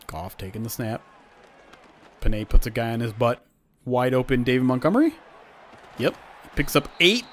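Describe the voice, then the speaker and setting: A man's voice: medium pitch, moderate pace, pauses often, slight background noise. A young man hosting a live stream, chatting casually with viewers and calling plays from a football game simulation. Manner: chatty, reads chat aloud, gets loud at big plays.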